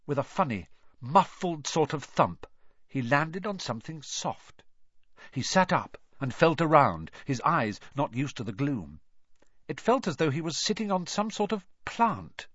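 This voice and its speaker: Animated male storybook narrator. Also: a little high, measured pace, no room sound, dull audio. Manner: animated, dramatic reading. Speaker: audiobook narrator.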